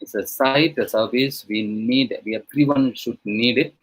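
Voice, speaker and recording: A man's voice: medium pitch, measured pace, poor audio. A male professor from India giving an online lecture to teachers, talking conversationally with many fillers and frequent "okay?" checks.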